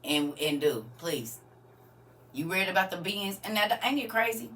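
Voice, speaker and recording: A woman's voice: medium pitch, lively intonation, normal speed, fairly bright tone, slight background noise. A woman hosting a casual livestream, chatting with viewers and often laughing as she answers their comments. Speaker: livestream host.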